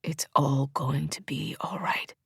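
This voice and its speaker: A tender, devoted man in a whispered role-play, his voice hushed and breathy, close and quiet, as a woman narrator puts him on. It sounds dry and intimate, with no room around it. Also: a little high, moderate pace, no room sound. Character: gentle, devoted adult man comforting his partner.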